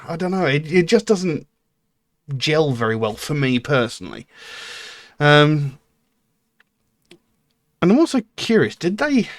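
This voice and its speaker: A middle-aged man rambles through a candid reaction commentary. He keeps slipping in um and you know. His voice sits mid-range and sounds dry, with no room echo. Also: medium pitch. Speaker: music reaction channel host.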